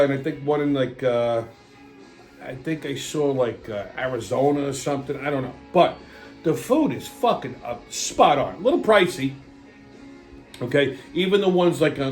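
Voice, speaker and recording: A middle-aged man, hosting a casual, profane, rambling monologue. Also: medium pitch. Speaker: host.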